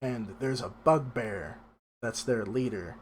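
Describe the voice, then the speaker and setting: A man narrating a tabletop game as game master, in a casual, relaxed way. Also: mid-range voice, slow.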